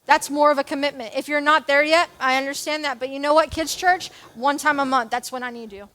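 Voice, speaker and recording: A woman's voice: sits high, fairly even intonation, fairly quick, bright, forceful tone. A young adult woman giving a sermon as a church youth leader, chatty and self-deprecating, with jokes and asides.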